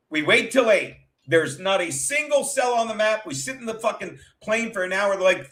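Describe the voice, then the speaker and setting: A man with a high-pitched voice hosts a casual livestream. He tells stories in a loose, tumbling way, full of profanity and self-interruptions. He keeps breaking off to talk to his viewers. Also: lively intonation, normal speed, few pauses, fairly bright tone. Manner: chats with live viewers. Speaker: livestream show host. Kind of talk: rambling comic storytelling.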